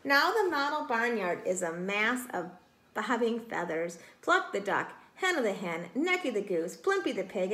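A woman teacher reading a storybook aloud to children, gentle and deliberate, leaning on key words. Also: medium pitch, very animated. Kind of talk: storybook read-aloud for kids. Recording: echoey room.

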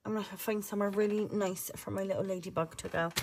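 A young woman chatting excitedly to her viewers as she unboxes her mail. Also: mid-range voice, fast. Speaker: budgeting vlogger. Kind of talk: casual chat to camera while unboxing.

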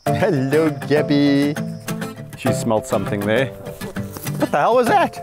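A man hosting a wildlife channel, talking excitedly outdoors while walking with lions, laughing often and calling out to them. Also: fairly high pitch, takes it slowly, long pauses, music in the background. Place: outdoors in the bush on a walk with lions.

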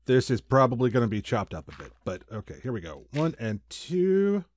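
Speaking at normal speed in a mid-range voice with huge pitch swings, a male Let's Play host gives casual gameplay commentary. He talks his way through his building and throws in silly sound effects.

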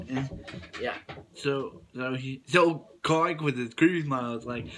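A man's voice: medium pitch, unhurried, fairly bright tone, a little hiss or hum. A man casually recapping a TV episode, rambling with many restarts and "he's like" retellings. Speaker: TV episode reviewer.

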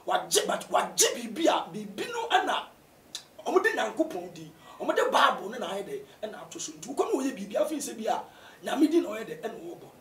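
A man with a Ghanaian accent, a pastor answering interview questions in a preaching style, often rising to shouts for emphasis. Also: high-pitched, fairly quick. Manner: animated, bursts into shouts to stress points. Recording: roomy echo, distant from mic.

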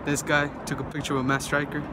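A young man hosting a casual travel vlog, talking excitedly and joking loudly to the camera. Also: on the high side, fast talker, heavy background noise. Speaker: vlogger. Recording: music playing loudly behind.

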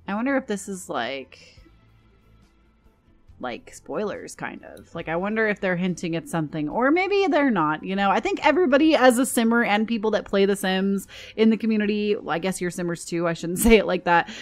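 A young American woman talking casually as she shows items in a game, gushing over things she likes, with a scratchy throat that keeps catching. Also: medium pitch. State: throat trouble and hiccups. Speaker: gaming YouTuber.

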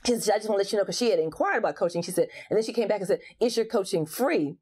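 A woman's voice: medium pitch, very fast, a little mellow, breathy edge. A woman speaking as a guest coach in a casual interview, frank and emphatic, often restarting her sentences.

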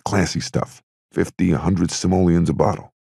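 A man with a very deep, gravelly voice voicing a blustery, streetwise young male gangster in an audiobook. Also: steady tone, normal speed, warm tone, no room sound, studio quality, full character voice. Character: brash young male Prohibition-era gangster.

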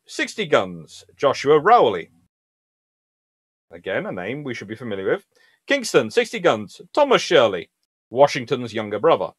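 A man with a fairly high, slightly rough voice hosts a casual history livestream with no room sound. He reads out lists of ships in a lively, sing-song way and chats with viewers, answering their messages like an informal lecture.

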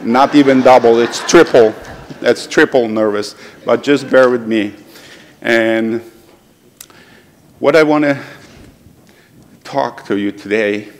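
A middle-aged man from Ukraine with a Ukrainian accent, speaking earnestly in halting English as a guest speaker in a church. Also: mid-range voice, big-room sound. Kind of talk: heartfelt church talk. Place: church sanctuary.

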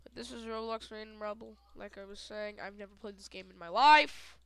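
A woman giving playful, shouty gameplay commentary full of silly chanted sound effects. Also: medium pitch, fairly even intonation, brisk, clear, resonant tone. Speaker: gaming video creator.

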